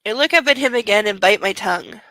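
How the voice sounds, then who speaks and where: A woman's voice: mid-range voice, quick pace, sharp tone, dry recording, natural voice, poor audio. A woman reading the lines of a controlling, possessive young husband in her own voice, cold and curt.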